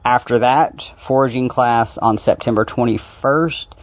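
A man giving a casual talk as a homesteading consultant, unhurried and pausing often with fillers. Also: medium pitch, no room sound. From Knoxville, Tennessee area. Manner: unhurried, with frequent "uh" pauses. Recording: dry, dull lo-fi sound.

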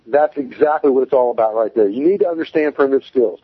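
A man's voice: mid-range voice, quick pace, breathy edge, no room sound, narrow, tinny audio. A man speaking as a guest in a casual interview, plain-spoken and emphatic as he explains survival skills.

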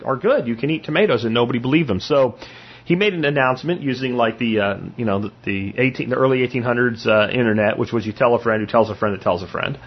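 A man's voice: mid-range voice, quick pace, slightly rough, dull audio. A man hosting a solo podcast, talking casually and bluntly, rambling and swearing as he tells a story and acts out quotes. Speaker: podcast host.

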